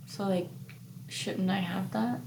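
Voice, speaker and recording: A woman's voice: mid-range voice, fairly even intonation, takes it slowly, vocal fry, background noise. A woman co-hosting a casual podcast, talking in a playful, unsure way with rising, pleading questions. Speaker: podcast co-host.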